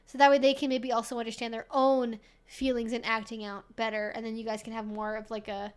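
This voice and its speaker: A woman with a high voice and a clean tone answers questions from her live-stream viewers in a loose, casual way, talking a little fast with little pitch movement. She curses freely, says "like" often, and laughs easily between her comments.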